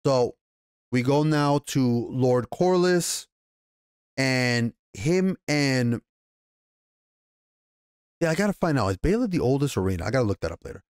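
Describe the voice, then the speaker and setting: Excitable, profane man recapping a show. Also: mid-range voice, unhurried, pauses often, clean tone, dry recording, clean studio sound. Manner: excitable, profane, rambling with many restarts. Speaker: TV show reviewer. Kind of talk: casual recap and review.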